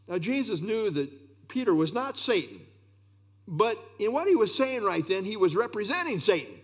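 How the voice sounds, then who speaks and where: A man preaching an earnest expository sermon, reading scripture aloud and often pausing with "uh". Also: on the high side. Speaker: pastor.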